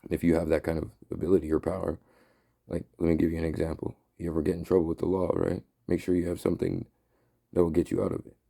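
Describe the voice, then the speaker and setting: Gravelly, heated man ranting. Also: low-pitched, level tone, fast, dark tone. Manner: heated, profane, rambling. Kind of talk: ranting monologue.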